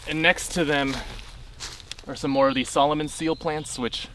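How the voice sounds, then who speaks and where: A man's voice: a little high, steady tone, normal speed, sharp tone, a little hiss or hum. A man on a forest hiking trail, chatting casually and explaining the plants he sees with enthusiasm, laughing often, recorded on a camera mic outdoors. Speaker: hiker identifying plants.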